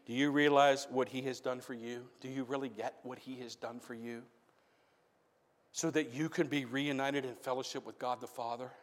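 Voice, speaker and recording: A man preaching a sermon in a church, swinging from hushed questions to loud shouted appeals. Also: mid-range voice, fairly even intonation, normal speed, big-room sound. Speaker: pastor. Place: church sanctuary.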